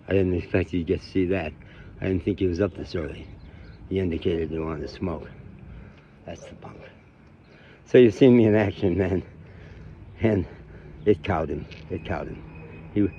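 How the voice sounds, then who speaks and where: Man, low voice, candid reflective storyteller, muffled lo-fi audio with faint hiss. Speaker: course host. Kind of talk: casual personal talk to camera.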